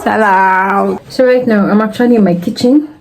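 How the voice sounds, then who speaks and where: A young woman, chatting excitedly to viewers in a casual vlog from her kitchen, recorded on a propped-up phone. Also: medium pitch, normal speed, slight background noise, poor audio. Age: young adult. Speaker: student vlogger. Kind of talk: casual vlog chat to camera. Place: home kitchen, indoors. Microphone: phone camera propped up nearby. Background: background music.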